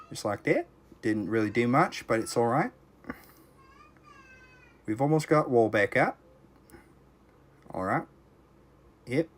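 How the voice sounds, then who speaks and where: A young man streaming a tower defense game, casually chatting with his viewers and reacting out loud to close calls. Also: medium pitch. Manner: reactive, talks to chat while playing, frequent exclamations. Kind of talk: casual live-stream commentary.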